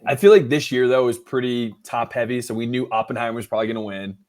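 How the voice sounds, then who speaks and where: A man co-hosting a podcast in casual chat, retelling events in an animated way and acting out what people said. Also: mid-range voice, fast talker. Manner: animated storytelling, acting out quotes. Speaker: podcast co-host.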